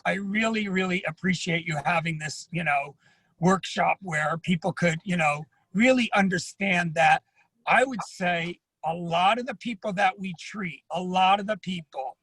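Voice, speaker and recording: A man's voice: high-pitched, fairly bright tone, dry recording, poor audio. A man speaking as an addiction therapist at an online symposium, earnest and personal, often repeating himself. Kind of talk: panel talk at an online symposium.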